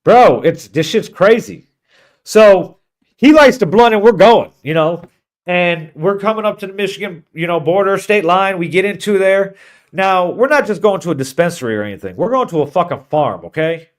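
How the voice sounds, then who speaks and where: A man's voice: high voice, animated, moderate pace. A man on a podcast telling a long, profane road-trip story in casual chat. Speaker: podcast co-host.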